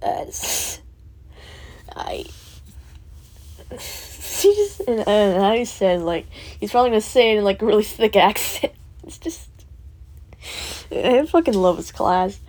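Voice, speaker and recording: A teenage girl venting in a rambling, laugh-filled way, with many fillers and curse words, dropping to a soft whisper at times. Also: medium pitch, big pitch swings, takes it slowly, pauses often. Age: teens. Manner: rambling, full of fillers and swearing, laughing often. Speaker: student vlogger. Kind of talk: rambling personal vent.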